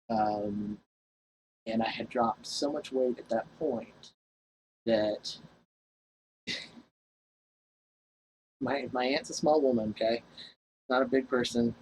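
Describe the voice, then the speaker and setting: A man's voice: mid-range voice, low-quality recording. Man talking to his own camera, loose and salty, mid-range voice, light hiss behind. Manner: rambling, profane, laughs at his own story. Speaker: vlogger. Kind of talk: casual storytelling to camera.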